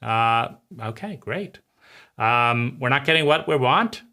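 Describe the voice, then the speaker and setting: A man giving an animated teaching talk, acting out inner voices and scenes with repetitive, rhetorical phrasing. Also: mid-range voice, takes it slowly. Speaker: teacher of a personal-growth channel.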